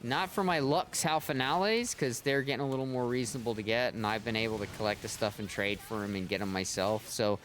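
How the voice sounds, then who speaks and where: A man's voice: medium pitch, fairly quick, few pauses, a bit bright, slight background noise. A man streaming an online game, chatting casually with viewers and teammates as he plays, swearing freely along the way. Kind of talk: casual gameplay commentary.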